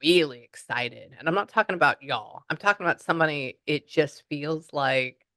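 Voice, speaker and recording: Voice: mid-range voice, normal speed, pushed and bright, no room sound. A psychic medium, chatting through a spirit reading and relaying messages.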